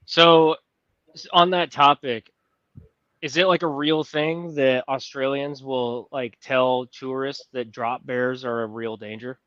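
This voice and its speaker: A male podcast host rambles through his questions, padding them with fillers. The recording sounds dull and very dry. His pitch is mid-range. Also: steady tone, slow pace, a bit bright, no echo. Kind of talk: casual podcast conversation.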